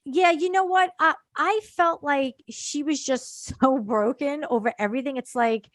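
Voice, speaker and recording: A woman co-hosting a casual show recap, agreeable and quick with affirmations. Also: high voice, no room sound, clean studio sound. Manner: agreeable, frequent affirming interjections. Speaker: podcast co-host.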